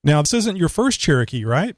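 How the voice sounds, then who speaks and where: A man from Houston with a Southern Texas accent, hosting a casual interview show and halting through many fillers. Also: a little high, big pitch swings, no room sound. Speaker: talk show host.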